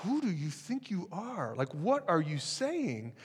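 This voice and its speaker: A man's voice: high voice, brisk, long reverb tail, pitched above the performer's own voice, natural voice. A man doing a scornful, outraged crowd. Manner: scornful, incredulous. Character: indignant ancient crowd challenging a man.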